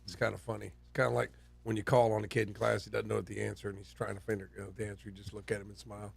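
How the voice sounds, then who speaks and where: A man's voice: on the low side, little pitch movement, fast, creaky. A man, a regular on a sports talk show, speaking with dry teasing humor. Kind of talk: casual radio banter.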